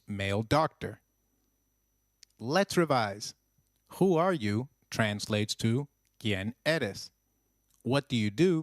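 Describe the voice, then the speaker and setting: A man narrating a scripted language lesson in an even teaching voice, slowing down to model phrases. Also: mid-range voice, dry recording, studio quality.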